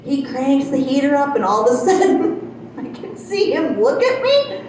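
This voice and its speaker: A high, lively woman in her fifties tells self-deprecating stand-up stories and laughs as she goes. She is heard from far back in a very echoey club. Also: normal speed, a little hiss or hum. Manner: self-deprecating storytelling, acts out quotes, laughs often. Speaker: stand-up comedian. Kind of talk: stand-up comedy set. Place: comedy club stage.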